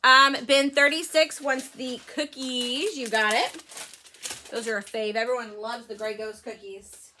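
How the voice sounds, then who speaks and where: A woman's voice: fairly high pitch, fairly even intonation, a little slow, sharp tone, a little hiss or hum. A woman hosting a live shopping stream, chatty and laughing often as she calls out items and bin numbers. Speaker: live-sale host.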